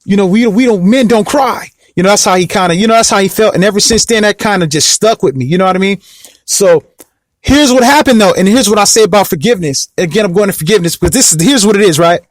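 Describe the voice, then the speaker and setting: A man's voice: sits high, fast, no echo, studio quality. A young man casually telling a personal story to the camera, rambling and repeating himself and often asking whether you know what he means. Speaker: vlog host.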